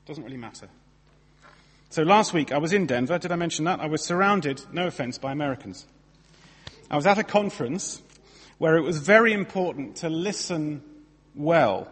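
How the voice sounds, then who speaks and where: A man giving a sermon in a church, lively, conversational and self-deprecating as he tells stories. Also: on the high side, moderate pace, husky. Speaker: preacher. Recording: long reverb of a large hall.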